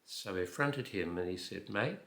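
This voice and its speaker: A man in his eighties, from New Zealand with an Australian accent, telling a personal anecdote in an unhurried way with fillers and wry asides. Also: lowish voice, pushed and bright, echoey room. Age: 80s. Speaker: storyteller.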